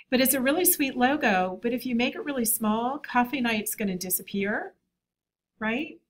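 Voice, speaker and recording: A woman's voice: a little high, moderate pace. A woman teaching a design class, talking in a chatty, enthusiastic way. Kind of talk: classroom lecture.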